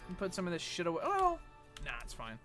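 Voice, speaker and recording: A young American man streaming games and chatting casually, animated and profane, jumping between loud outbursts and low mumbles. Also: quick pace, faint music behind. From United States. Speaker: Twitch streamer. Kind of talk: casual live-stream chat while gaming.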